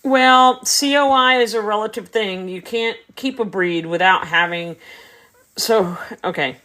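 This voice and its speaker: A woman's voice: mid-range voice, measured pace, pushed and bright. A woman dog breeder chatting casually on a livestream, answering viewer comments while tending puppies.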